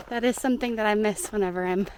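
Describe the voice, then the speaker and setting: A woman's voice: mid-range voice, brisk, a little mellow, slight background noise. A young woman with a Southern US accent, chatting cheerfully to camera while walking a hiking trail outdoors and laughing often. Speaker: hiking vlogger. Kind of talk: casual hiking vlog narration.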